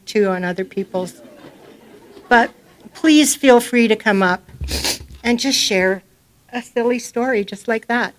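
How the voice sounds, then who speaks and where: A middle-aged woman speaking as a grieving mother at a memorial, talking off the cuff in a rambling, informal, heartfelt way in a community centre hall. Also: a little high. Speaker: grieving mother giving a eulogy. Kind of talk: unprepared memorial speech.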